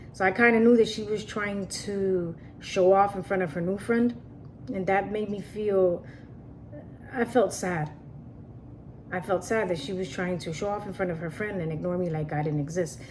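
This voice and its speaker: A woman's voice: mid-range voice, a little mellow, slight background noise. A woman telling a personal story in a casual, earnest way, often repeating herself and restarting sentences. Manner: repetitive, earnest, frequent restarts and "like".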